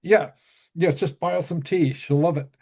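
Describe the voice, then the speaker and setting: A man's voice: fairly high pitch, steady tone, normal speed, a little mellow, husky, voice pushed up. A man putting on the voice of a cheery young London man on the phone, breezy and chummy.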